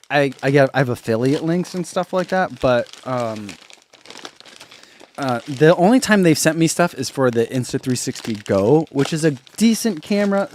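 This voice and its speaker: A middle-aged man who runs a running channel chats casually on a live stream, reading viewer comments aloud and laughing often. His voice is fairly high, and the recording carries a little hiss or hum.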